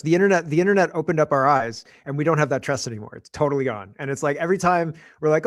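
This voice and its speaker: A man co-hosting a casual political chat over a call, animated, quick to interrupt and laughing often. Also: on the high side, dry recording, clean studio sound. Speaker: podcast co-host.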